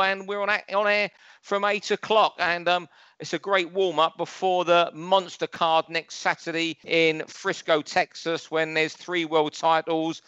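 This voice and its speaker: Ranting London boxing pundit. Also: male voice, on the high side, fairly bright tone, clear, resonant tone, dry recording, muffled recording. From London, England. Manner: chatty, ranting, opinionated. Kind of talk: casual podcast chat.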